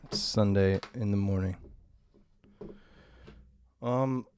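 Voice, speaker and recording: A man chatting casually on a morning stream, tired and rambling, with crude, self-mocking remarks and frequent throat clearing. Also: on the low side, slow pace, warm tone, a little hiss or hum. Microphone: desk mic.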